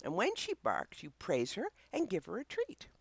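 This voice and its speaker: A woman's voice: mid-range voice, huge pitch swings, normal speed, creaky, breathy edge, no echo. A woman hosting a chatty puppy-training vlog, playful and fond of barking imitations.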